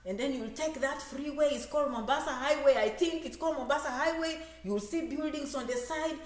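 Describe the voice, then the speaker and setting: A woman with a high voice gives an animated talk about immigration, playing out voices and hammering points home with repetition. Her voice rings through a roomy, echoing space. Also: brisk. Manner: animated, acts out quoted voices, repeats phrases for emphasis. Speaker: immigration advisor and speaker. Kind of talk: lively motivational talk to an audience. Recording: echoey room.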